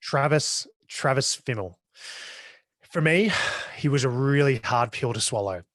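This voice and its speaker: A man's voice: medium pitch, expressive, measured pace, a bit bright, dry recording. An Australian man co-hosting a podcast, chatting casually and enthusiastically about a war film, often restarting his sentences. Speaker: podcast co-host. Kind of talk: casual film review chat.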